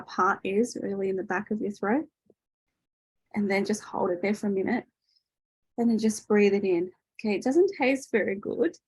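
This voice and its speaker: A woman hosts an online workshop from a video call and talks loosely and chattily, full of "um"s and "okay?"s. Her voice is a touch husky. The sound is dry and close. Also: medium pitch, a little mellow, no echo, poor audio. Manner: chatty, loose, with many fillers and tag questions. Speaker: workshop host. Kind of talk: casual teaching in an online workshop.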